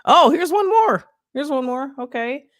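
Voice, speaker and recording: A woman's voice: sits high, lively intonation, unhurried, no echo, clean studio sound. A woman from Michigan hosting a late-night livestream, chatting casually, laughing often and talking straight to her viewers while reading out stories and chat messages. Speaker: livestream host.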